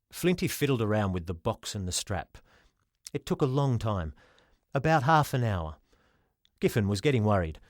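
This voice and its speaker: A man reading a children's storybook aloud as the narrator, in an expressive way. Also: fairly low pitch, normal speed, pauses often, no echo, clean studio sound. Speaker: audiobook reader.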